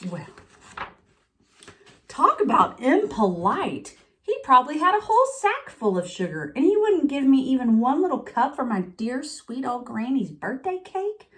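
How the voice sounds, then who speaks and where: A woman's voice: sits high, sing-song, measured pace, fairly bright tone, voice pushed up, full character voice. Self-pitying wolf telling his own side, as a woman reads it aloud; confiding, storybook read-aloud. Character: sniffly, self-pitying male wolf narrator. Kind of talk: picture-book read-aloud.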